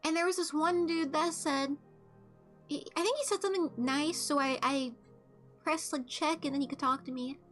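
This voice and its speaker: Young woman streamer w a super high voice, blunt and swears a lot, chatting while she plays, little game music underneath. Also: normal speed, a bit bright. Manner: blunt, profane storytelling. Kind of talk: casual chat while playing a game.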